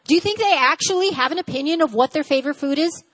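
A woman giving a teaching sermon at a church service, lively and conversational, acting out little dialogues and checking in with her listeners. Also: sits high, fast. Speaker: church speaker.

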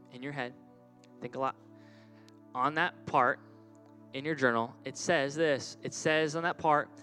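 Give me an animated male children's pastor with a fairly high voice, quizzing kids during a sermon. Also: poor audio. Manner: animated, repetitive, call-and-response with kids.

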